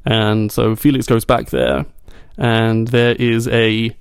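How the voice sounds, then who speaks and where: Gravelly, exasperated podcast co-host. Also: male voice, on the low side, takes it slowly, no room sound, clean studio sound. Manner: exasperated, animated complaining with laughs. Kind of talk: casual chat.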